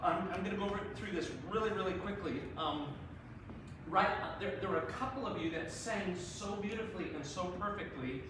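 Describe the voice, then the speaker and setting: A man with a fairly high voice gives live feedback to a group of singers as a performance adjudicator, lively, encouraging and laughing often, speaking a little fast. He sits far from the mic in a very echoey hall, with steady background noise.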